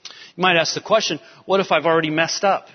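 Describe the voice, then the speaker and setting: A pastor preaching a sermon with emphatic, rising urgency. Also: male voice, fairly high pitch, fairly even intonation, brisk. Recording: dull sound with long hall reverb.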